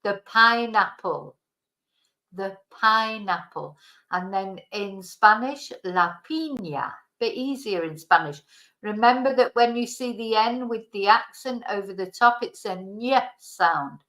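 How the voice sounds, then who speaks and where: A woman teaching fruit vocabulary in a bilingual lesson, slowly and carefully repeating each word for pronunciation. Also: medium pitch, fairly bright tone, rough recording. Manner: slow, careful pronunciation drills. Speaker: language teacher.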